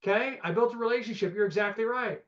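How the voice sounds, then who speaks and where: A man teaching a live real estate investing seminar, energetic and conversational, peppering the audience with rhetorical questions and "okay?". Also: high voice, fast talker, muffled recording.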